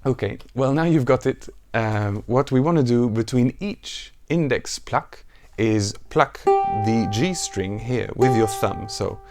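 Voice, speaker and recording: A man teaching a ukulele song, counting beats aloud and explaining the plucking pattern in a relaxed, casual way. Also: medium pitch, takes it slowly, hardly any pauses. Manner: counts beats aloud and sings lines softly. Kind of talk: music tutorial with counting and singing. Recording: ukulele music under the voice. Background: ukulele playing.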